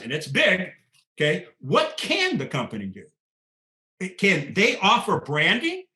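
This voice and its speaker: A man's voice: sits high, pushed and bright. An older man speaking emphatically in a podcast conversation, often tagging his points with "okay?". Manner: emphatic, keeps adding "okay?". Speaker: podcast guest.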